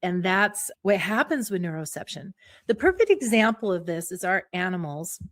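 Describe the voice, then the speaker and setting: A middle-aged woman psychologist, a guest on an interview show, explaining ideas in a lively way and acting out small examples. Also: on the low side, moderate pace. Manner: animated, acts out little voices and examples.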